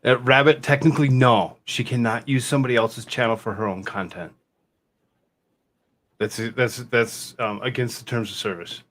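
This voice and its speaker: A man's voice: medium pitch, steady tone, fairly bright tone. Man, stream host, casual chat, stumbles and repeats himself. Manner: halting, repeats words. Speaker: channel host.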